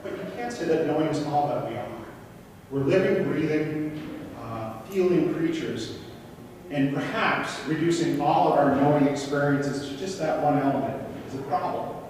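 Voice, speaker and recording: A man's voice: a little high, expressive, normal speed, darkish tone, distant mic, a little hiss or hum. A man giving an interactive conference presentation, animatedly putting rhetorical questions to the audience. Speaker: conference speaker. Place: conference hall. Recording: echoey hall, recorded from afar.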